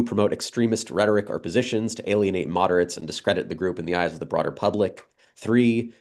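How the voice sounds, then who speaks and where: A man on a casual political talk show, speaking in a measured, hesitant way with many pauses. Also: fairly low pitch, darkish tone.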